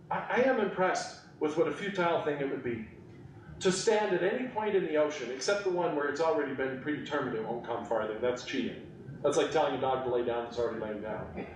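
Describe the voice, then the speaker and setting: A man hosting a podcast and giving an informal Bible teaching, animated and quick to laugh, with eager side remarks. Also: mid-range voice. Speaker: podcast host teaching on scripture. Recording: echoey room, mic at a distance.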